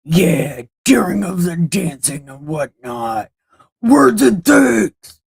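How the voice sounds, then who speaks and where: A woman voicing a boastful male king as a growling death-metal singer, drawn-out and shouted. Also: lowish voice, big pitch swings, gravelly, breathy edge, pitched above the performer's own voice, full character voice.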